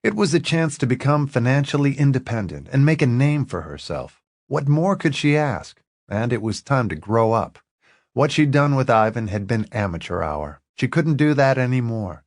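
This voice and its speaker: A man narrating an audiobook in an expressive, lively reading. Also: mid-range voice, moderate pace, no echo, studio quality.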